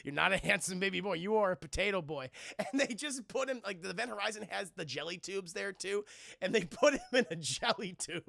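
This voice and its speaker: A man's voice: sits high, animated, brisk, creaky, pushed and bright, dry recording, studio quality. A man streaming a rambling, profane film recap, laughing and acting out scenes as he talks to chat. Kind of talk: casual livestream chat.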